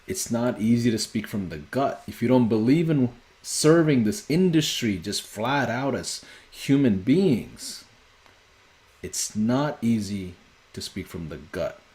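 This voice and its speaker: A man hosting a sales workshop, talking fast and pressing his points with repetition. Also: medium pitch, a little mellow. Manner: fast-paced, urgent, repetitive emphasis. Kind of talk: motivational teaching.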